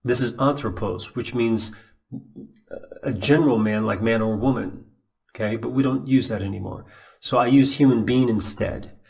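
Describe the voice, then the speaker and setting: A man's voice: medium pitch, moderate pace, gravelly, a little mellow. A man giving a recorded Bible lesson at his computer, talking casually and thinking aloud with restarts and asides. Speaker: Bible teacher. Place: at a computer, showing a website on screen.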